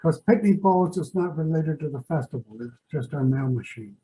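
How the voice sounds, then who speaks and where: A man's voice: a little high, animated, normal speed, warm tone, poor audio. A man on a video call with the hiccups, insistently stating his preferences in a board meeting. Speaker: board member. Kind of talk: business meeting discussion.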